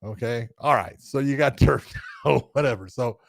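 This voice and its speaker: A man's voice: mid-range voice, normal speed, gravelly, dry recording. A man co-hosting a casual podcast, rambling and leaning on "you know", now and then acting out what others said. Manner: rambling, full of "you know", acts out quotes. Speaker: podcast co-host, grappling referee.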